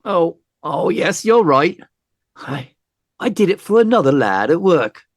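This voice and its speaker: A man's voice: a little high, sing-song, a little slow, no echo, voice pushed up, full character voice. Guy putting on a nervous stammering bloke, dry close sound. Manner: hesitant, stammering. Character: nervous British man caught lying.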